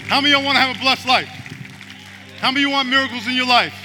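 A man preaching as a pastor, moving between hushed urging and loud rousing calls to the congregation. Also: very high voice, very fast, a faint crowd. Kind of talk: sermon with altar call. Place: large church hall. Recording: music behind, long hall reverb.

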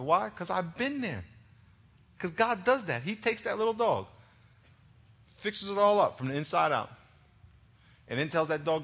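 Impassioned preacher with a high, bright voice. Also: male voice, big pitch swings, moderate pace, long pauses. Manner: impassioned, swinging between hushed and loud emphatic delivery; conversational, plain-spoken, with humor. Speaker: pastor. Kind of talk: sermon.

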